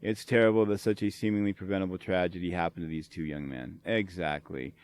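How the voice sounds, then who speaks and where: Profane, ranting middle-aged man, smooth dry voice. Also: deep voice, steady tone, brisk, no echo. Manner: angry, profane, sarcastic ranting. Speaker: podcast host. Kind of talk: ranting solo commentary.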